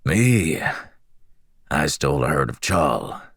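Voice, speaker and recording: A man doing a raspy, boastful bearded slave. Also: extremely low pitch, very animated, slow pace, dry recording, studio quality, heavily acted. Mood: curious, friendly. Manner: chummy, proud of his own daring. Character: scraggly bearded male slave, boastful thief. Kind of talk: audiobook character reading.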